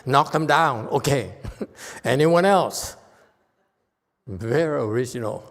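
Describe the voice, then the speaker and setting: Slow-speaking man lecturing in a reverberant hall. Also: medium pitch. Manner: slow, animated, quizzes the audience. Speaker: Buddhist teacher. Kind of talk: Dharma lecture.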